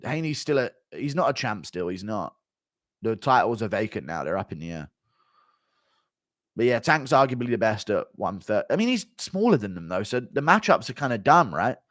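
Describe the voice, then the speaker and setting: A man's voice: medium pitch, sing-song, fairly quick, fairly bright tone, dry recording, studio quality. Blunt, swearing live-stream host man. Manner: rambling, blunt, swears freely. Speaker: livestream host reading viewer donations. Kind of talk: casual profane live-stream commentary.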